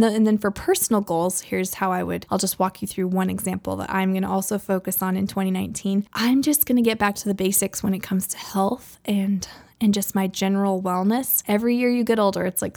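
A woman in her thirties hosts a casual advice talk in an easy, chatty way. Her voice carries a gravelly edge of vocal fry at the ends of her phrases. She speaks at an ordinary pitch, and she sounds friendly and conversational. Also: darkish tone. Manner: chatty, conversational, laughs easily. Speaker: podcast host.

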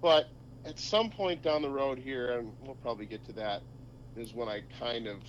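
A man in his forties from Minnesota, a podcast guest telling sports stories in a casual, animated way. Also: normal speed, dull audio, slight background noise. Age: 40s. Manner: animated storyteller, pitch jumps when excited. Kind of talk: casual chat.

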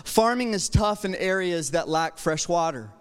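A male pastor preaching a sermon with personal stories, energetic and humorous, moving between quiet asides and loud exhortation. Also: sits high, normal speed, smooth. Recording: long hall reverb.

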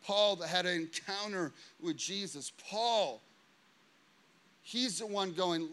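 A male pastor in his thirties delivers a sermon with a high, bright voice. He tells stories animatedly and acts out what people said, then turns earnest and confessional. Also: slow. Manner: animated storytelling, acting out quotes.

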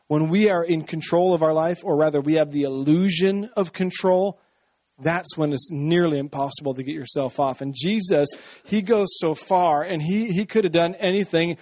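Animated high-voiced male preacher. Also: no room sound. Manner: conversational, animated, acts out voices. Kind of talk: sermon.

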